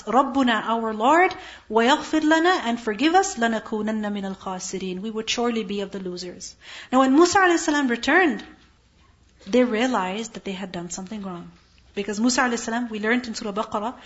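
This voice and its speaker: A woman teaching a Quran lesson, reciting Arabic verses and translating them line by line. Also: fairly high pitch. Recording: dull lo-fi recording.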